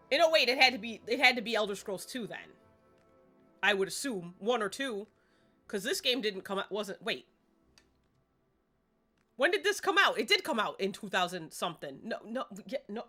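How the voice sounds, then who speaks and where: A woman's voice: on the high side, sharp tone. A woman livestreaming a game at home, chatty and self-deprecating in casual gameplay commentary.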